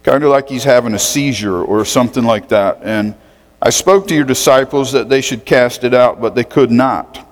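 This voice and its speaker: A man's voice: medium pitch, moderate pace, big-room sound. A man preaching a sermon as a pastor, reading scripture and talking conversationally, asking the congregation questions.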